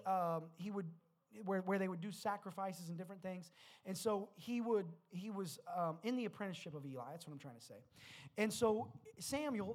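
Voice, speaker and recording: A man preaching a sermon, who moves between retelling Bible stories and rising exhortation, often repeating words as he restarts. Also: sits high. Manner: builds from storytelling to loud exhortation. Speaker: pastor.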